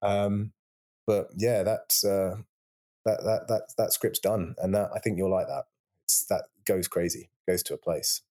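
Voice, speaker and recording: A man's voice: low voice, fairly even intonation, a little slow, dark tone. A British man, an actor and writer, chatting as a guest in an interview, rambling with many restarts. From England. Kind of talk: casual interview chat.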